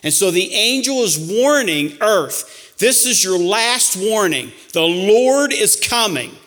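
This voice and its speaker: High, bright-voiced man preaching. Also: expressive, takes it slowly. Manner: preaching with rising emphatic warnings, dropping to hushed asides. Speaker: pastor. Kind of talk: sermon.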